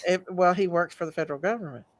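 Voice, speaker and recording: A woman's voice: on the low side, fast, no room sound. A woman in a casual political chat, stubborn and firm, answering with short dismissive replies.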